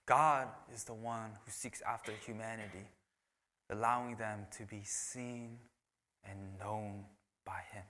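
A man, a pastor preaching a sermon, who moves between loud, emphatic lines and hushed, whispered ones. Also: on the low side, steady tone, measured pace. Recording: long hall reverb.

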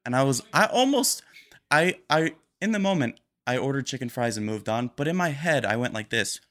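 A young man hosting a casual solo podcast, rambling quickly and a little nervous. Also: medium pitch, lively intonation, a bit bright. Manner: rambling, fast-talking and a bit nervous. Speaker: podcast host.

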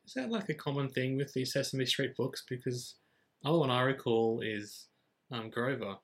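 A man co-hosting a podcast in casual chat, mellow and low-energy with a dry manner. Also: moderate pace. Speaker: podcast co-host.

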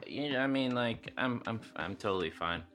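A man playing his character in a tabletop game, talking in a hesitant, mumbling, deadpan way. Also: mid-range voice, moderate pace, faint music behind. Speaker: player.

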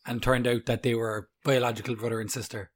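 A man's voice: medium pitch, flat delivery, fast. A young man co-hosting a podcast, joking loosely, crudely and swearing freely. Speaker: podcast co-host. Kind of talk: casual banter.

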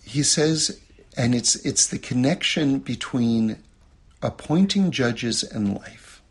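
A man teaching a religious lesson, telling a personal story and acting out quotes in a much higher voice, often checking in with "okay?". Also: expressive, takes it slowly, breathy edge. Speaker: Torah teacher.

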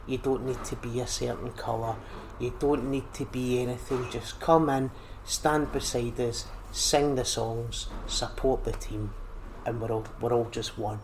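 A man's voice: medium pitch, unhurried, hardly any pauses, slight background noise. A man with a Scottish accent, a comedian chatting casually and acting out anecdotes, often repeating phrases. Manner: animated, repeats phrases, acts out quotes. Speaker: podcast guest, comedian. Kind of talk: casual chat, storytelling.

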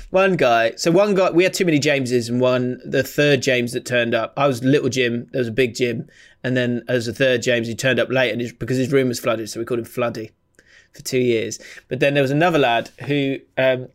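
A young man hosting a podcast, reading out listener comments with frequent laughs and a slowed, playful reading voice. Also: mid-range voice. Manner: laughs often, reads comments in a slowed, exaggerated voice. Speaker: podcast host.

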